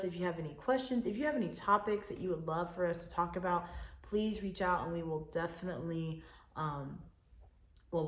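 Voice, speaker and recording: A woman co-hosting a faith podcast, speaking in an emphatic, encouraging way and repeating herself for reassurance. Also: lowish voice. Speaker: podcast co-host. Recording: echoey room.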